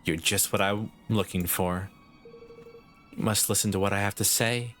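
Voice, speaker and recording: A man's voice: fairly low pitch, fairly even intonation, normal speed, fairly bright tone, soft background music, close to an everyday voice. A man voicing a fussy, pompous woman professor who lectures and hands out marks. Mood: haughty. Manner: haughty, lecturing, clipped.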